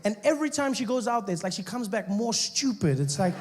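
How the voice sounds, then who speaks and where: A man from South Africa with a South African accent, doing animated, mocking stand-up storytelling. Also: high voice, fast talker, slight background noise. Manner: animated, mocking, switches into voices. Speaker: stand-up comedian.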